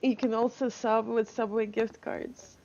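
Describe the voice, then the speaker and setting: A woman's voice: fairly high pitch, flat delivery, measured pace, darkish tone, highs cut off. A woman streaming live, chatting casually with viewers, reading chat aloud and laughing often.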